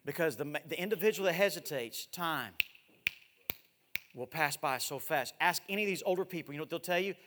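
A man in his forties preaching a missionary sermon, swinging from loud exhortation to hushed, drawn-out words. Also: fairly high pitch, expressive. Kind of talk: evangelistic sermon with live demonstration. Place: large church sanctuary. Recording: echoey church hall.

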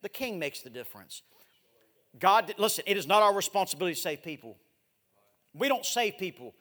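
A man in his forties preaching a missionary sermon, swinging from loud exhortation to hushed, drawn-out words. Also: high voice, sing-song. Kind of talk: evangelistic sermon with live demonstration. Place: large church sanctuary. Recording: echoey church hall.

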